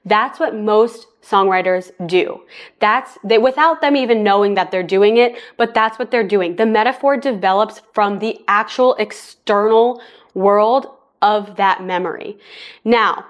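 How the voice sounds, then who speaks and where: A woman's voice: medium pitch, a little slow. A woman teaching a songwriting lesson, explaining plainly step by step and speaking straight to the viewer. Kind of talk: casual spoken lesson.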